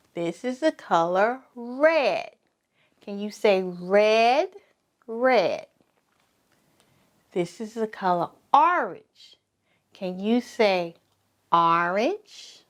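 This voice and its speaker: A woman teaching preschoolers, saying each word slowly and repeating it for the children to echo, with lots of praise. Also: mid-range voice. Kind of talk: slow sing-song preschool lesson.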